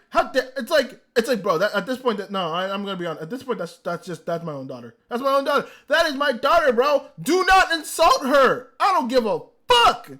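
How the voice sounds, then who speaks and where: A man reviewing anime in a casual, excitable rant, swearing freely. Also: high-pitched. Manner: excitable, profane ranting. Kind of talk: casual commentary. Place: indoors, a room.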